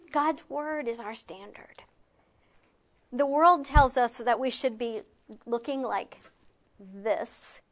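Female retreat speaker, higher-pitched, conversational sermon delivery with self-deprecating asides. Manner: chatty, with self-mocking asides; slows and softens on key points. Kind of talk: conversational Bible teaching.

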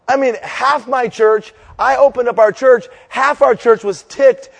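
Gravelly animated pastor in his fifties. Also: big-room sound. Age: 50s. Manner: animated storytelling, shouting punchlines, then slowing and dropping to a low hush. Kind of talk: sermon.

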